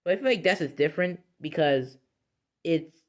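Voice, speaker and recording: Lively rambling woman vlogger. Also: sits low, moderate pace. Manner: rambling, self-correcting, laughs often. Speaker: video creator. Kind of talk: casual talk to camera.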